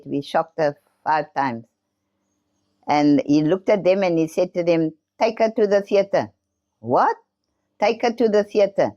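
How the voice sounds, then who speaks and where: A woman's voice: sits low, warm tone, highs cut off. A woman telling her personal testimony, acting out the voices of others in her story. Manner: earnest storytelling, acts out voices in quotes. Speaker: testimony speaker.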